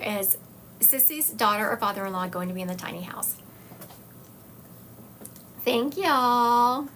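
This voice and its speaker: A woman's voice: medium pitch, bright, forceful tone, slight background noise. A woman hosting a live-streamed psychic reading session, talking to her chat viewers in an encouraging, direct way. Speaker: psychic medium host.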